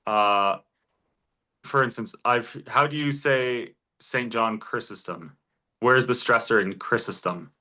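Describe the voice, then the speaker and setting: A man's voice: medium pitch, takes it slowly, sharp tone. A man teaching a Greek class in a church classroom, explaining step by step and encouraging his students with examples. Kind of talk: informal class lecture.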